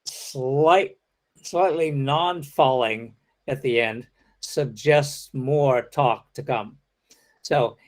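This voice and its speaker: A man's voice: medium pitch, takes it slowly. A man giving an academic lecture, explaining step by step and acting out example sentences.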